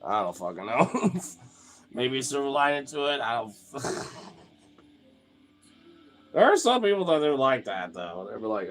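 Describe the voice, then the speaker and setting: A man's voice: mid-range voice, big pitch swings, measured pace, long pauses, a bit bright. A young man chatting casually on a live stream, rambling with lots of fillers, frequent swearing and laughter.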